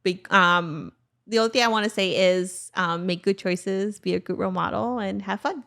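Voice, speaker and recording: Young female podcast guest, smooth voice, loose chatty delivery. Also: medium pitch, normal speed. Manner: relaxed, many "like" fillers. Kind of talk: casual interview answers. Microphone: studio microphone.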